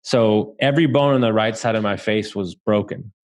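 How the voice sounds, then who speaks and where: A man from Southeast Texas tells his story in a low, relaxed register. He swears freely and chuckles along the way, with the easy tone of a podcast guest. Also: normal speed. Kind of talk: casual storytelling.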